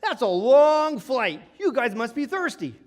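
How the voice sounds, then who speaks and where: A man voicing a friendly, big burly male van driver who chats warmly and draws his words out slowly. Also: very high voice, sing-song, pitched above the performer's own voice, exaggerated voice. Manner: chatty, welcoming, slow and drawn out.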